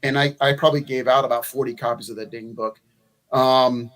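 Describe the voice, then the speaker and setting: A man's voice: mid-range voice, fairly even intonation, a little fast, fairly bright tone, soft background music. A man, a former candidate for Congress, talking in a rambling, folksy way with many restarts on a convention panel. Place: convention meeting room.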